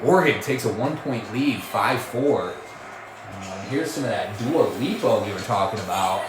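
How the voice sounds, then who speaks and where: A man calls a basketball game as a playful commentator, his pitch bouncing up and down as he drops puns and corrects himself. His voice carries the hollow ring of a roomy space, with faint music playing underneath. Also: animated, moderate pace. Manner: jokey, pun-filled, self-correcting. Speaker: play-by-play commentator. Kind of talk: mock sports play-by-play commentary.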